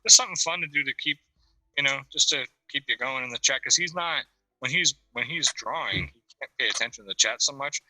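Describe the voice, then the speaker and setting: Guy on a zoom call with headphones, talks fast, rambly and animated, crisp dry sound. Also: medium pitch, no room sound, poor audio. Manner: rambling, animated, laughs a lot. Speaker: panel guest. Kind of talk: casual storytelling on a video call. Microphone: video call with headphones.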